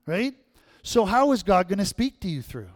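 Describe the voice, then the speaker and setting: A man's voice: high voice, very animated, normal speed, dry recording, clean studio sound. A male pastor giving a sermon in a conversational way, often checking in with the audience. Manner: conversational, keeps asking the audience "right?".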